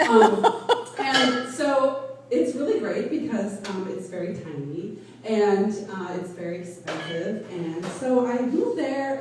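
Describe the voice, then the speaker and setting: A woman in her forties from Wisconsin doing a stand-up comedy set, often laughing at her own jokes and hesitating with ums. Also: medium pitch. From Wisconsin, USA. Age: 40s. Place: small comedy club stage. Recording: roomy echo from a distant mic.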